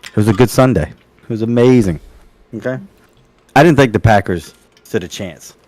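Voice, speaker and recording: A man's voice: fairly low pitch, normal speed, darkish tone, dry recording. A man co-hosting a podcast in casual chat, joking and teasing and laughing often. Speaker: podcast co-host.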